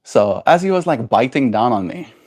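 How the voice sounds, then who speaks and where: A young man chatting casually on a home livestream, his voice rising and falling freely. He drops into high sing-song baby talk when he coaxes his pet bird. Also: sing-song, normal speed, darkish tone. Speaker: daily livestreamer. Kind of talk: casual chat. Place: home, indoors.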